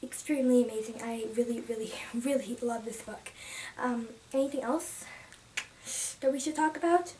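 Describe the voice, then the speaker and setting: A young woman giving a casual, emotional book review, rambling with many restarts and sometimes dropping to a soft whisper. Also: fairly high pitch, normal speed. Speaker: book vlogger. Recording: distant from the mic, faint room noise.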